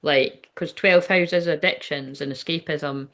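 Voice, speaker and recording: A woman's voice: deep voice, steady tone, measured pace, fairly bright tone. A woman, hosting a casual livestream as a psychic medium, chatty and rambling, swearing and laughing as she goes.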